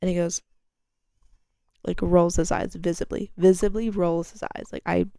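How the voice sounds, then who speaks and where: A young woman hosting a podcast, telling a story in a candid, chatty way that is full of fillers and swearing, and getting animated when she quotes people. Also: normal speed, vocal fry, no echo, studio quality. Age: young adult. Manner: chatty and candid, swears freely, heavy use of "like"; animated when quoting others, with sharp jumps in pitch and loudness. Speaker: podcast host. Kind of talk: casual storytelling chat.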